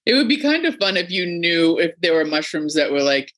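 Middle aged woman hosting a podcast, kinda low voice, chatty and animated, acts out what people said. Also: fairly quick, few pauses. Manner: animated storytelling, acting out quoted people. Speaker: podcast host. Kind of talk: casual interview chat.

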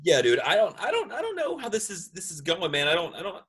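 A man's voice: sits high, wildly swooping pitch, quick pace, a bit bright, slightly rough. A man co-hosting a casual podcast chat, rambling and trailing off mid-sentence. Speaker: podcast co-host.

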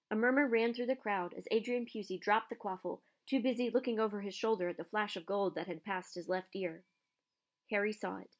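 Woman reading a storybook out loud, expressive, mid pitch. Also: fairly quick. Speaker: narrator. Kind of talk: storybook narration.

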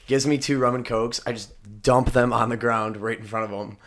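A young man in casual chat with friends, telling crude, animated stories about working at a bar. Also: medium pitch, fairly quick. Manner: crude, joking, animated storytelling.

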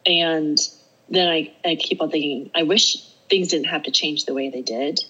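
A woman's voice: deep voice, normal speed, pushed and bright, slightly rough, highs cut off. A middle-aged woman, a podcast guest, telling a story in casual conversation. She acts out her own self-talk and laughs often as she speaks. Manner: laughs often while talking.

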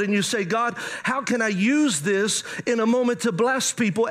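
High-voiced man preaching a lively sermon. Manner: animated, conversational preaching with playful asides. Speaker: pastor.

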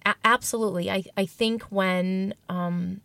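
Woman interview guest, middle pitch, candid and reflective, dry close recording. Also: steady tone, a little slow, gravelly, a bit bright, no room sound. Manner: reflective, emotional, with frequent restarts. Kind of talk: candid personal storytelling.

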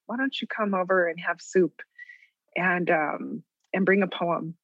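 A middle-aged woman from New Mexico, a writer, telling her story in an interview with many pauses and light laughs. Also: medium pitch, a bit bright, no echo. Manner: thoughtful, many ums and restarts, laughs lightly. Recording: dull lo-fi close recording.

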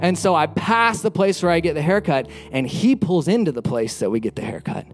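A man's voice: fairly high pitch, animated, brisk, soft background music. A pastor preaching conversationally, repeating phrases for emphasis and acting out the lines of people in his stories. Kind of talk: sermon with storytelling.

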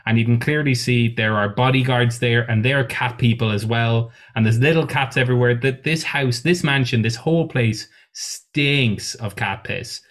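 A man's voice: mid-range voice, moderate pace, few pauses, fairly bright tone. Casual, swearing male game master. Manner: casual, swearing, many fillers. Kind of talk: narrating a tabletop game.

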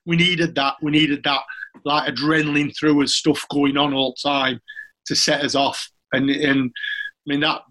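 A man's voice: on the high side, level tone, measured pace, bright, forceful tone, low-quality recording. A middle-aged man with a Yorkshire accent, a former footballer chatting as a guest, telling stories with frequent laughs and restarts. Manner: chatty storyteller, laughs often, restarts sentences. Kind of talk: casual anecdotal chat.

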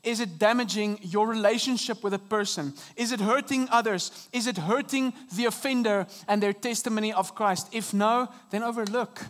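A man preaching a sermon from a church stage into a microphone, earnest and dynamic, with sudden soft drops and emphatic rises. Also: sits high, normal speed, hardly any pauses. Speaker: pastor. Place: church auditorium.

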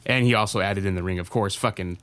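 A man's voice: low voice, fast, fairly bright tone, smooth, no room sound. A man co-hosting a casual podcast, talking earnestly, repeating himself and swearing casually. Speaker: podcast co-host.

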